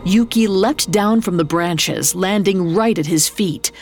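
A woman's voice: medium pitch, measured pace, background noise. A woman narrating a folklore tale in a scripted, dramatic storytelling delivery. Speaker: podcast narrator. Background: faint music.

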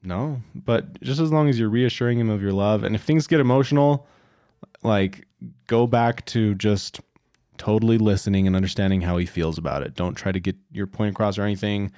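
A man's voice: lowish voice, a little fast, warm tone, no room sound, clean studio sound. A young man co-hosting a casual advice chat, earnest and encouraging, with many "like" and "you know" fillers. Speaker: podcast co-host.

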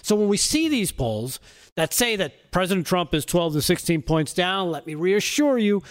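A man's voice: sits high, very animated, moderate pace. A man giving opinionated talk show commentary in a sarcastic tone, often laughing at his own jokes. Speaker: segment contributor on a talk show.

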